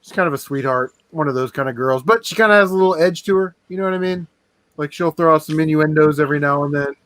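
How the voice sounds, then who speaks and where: Easygoing man with a slightly high voice. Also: fast talker, a bit bright, dry recording. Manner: easygoing, hedging with fillers. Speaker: podcast co-host. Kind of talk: casual chat.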